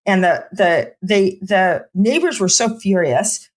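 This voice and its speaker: A woman's voice: mid-range voice, takes it slowly. A middle-aged woman physician in a podcast interview, talking with passion in long run-on bursts full of "like". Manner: impassioned, speaks in run-on bursts with many "like" fillers. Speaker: physician and homelessness researcher.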